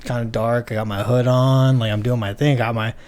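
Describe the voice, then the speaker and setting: A man's voice: mid-range voice, fairly quick. Young man telling a profane story. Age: 20s. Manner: profane, animated storytelling with quoted dialogue. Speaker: podcast guest. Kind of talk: casual chat, storytelling.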